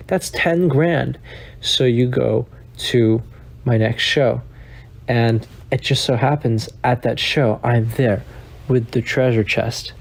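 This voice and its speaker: A man delivers an absurd comedy monologue in a flat, deadpan way. He stumbles and stalls, repeating words over and over before pushing on. His voice sits at an ordinary, middle pitch. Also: creaky. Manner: halting, many repeated words and restarts.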